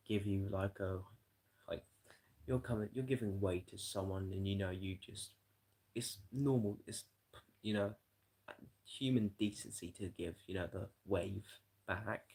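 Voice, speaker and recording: A British man with a fairly low, gravelly voice talks to his live stream in a loose, rambling way. He swears freely and keeps dropping in "you know" as he goes. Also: steady tone, unhurried, darkish tone, low-quality recording. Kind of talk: rambling casual livestream chat.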